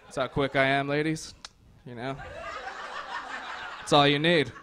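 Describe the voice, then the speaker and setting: A man's voice: medium pitch, steady tone, a little slow, noisy background. A young man performing a stand-up comedy set on a club stage, sardonic and crude, rambling with lots of "like.".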